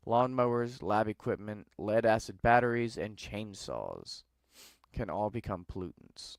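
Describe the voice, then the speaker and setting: A man's voice: on the low side, steady tone, moderate pace, clean tone, no echo, studio quality. A man hosting a podcast, casually reading news articles aloud and breaking off into sarcastic, dismissive asides. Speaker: podcast host. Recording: live with no editing.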